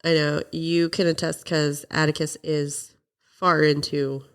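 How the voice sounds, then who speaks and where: Congested low-voiced woman podcaster. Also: little pitch movement, clear, resonant tone. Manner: chatty, laughs often, quick bursts. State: congested, nasal from a cold. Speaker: podcast co-host. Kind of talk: casual chat.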